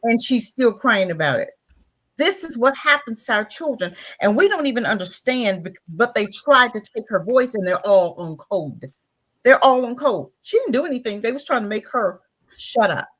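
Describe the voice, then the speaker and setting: A woman's voice: fairly high pitch, sing-song, normal speed, fairly bright tone. A woman hosting talk radio who makes emphatic, preachy commentary, repeats her points and asks rhetorical questions.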